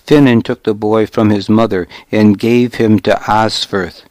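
A man narrating a first-person novel as an audiobook, in a measured, grave way. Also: lowish voice, steady tone, darkish tone, dry recording.

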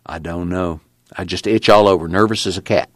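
A man doing a jumpy low-voiced laborer. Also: steady tone, fairly quick, dry recording, clean studio sound, natural voice. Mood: uneasy. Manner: low, restless, uneasy. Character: jumpy uneasy rural laborer.

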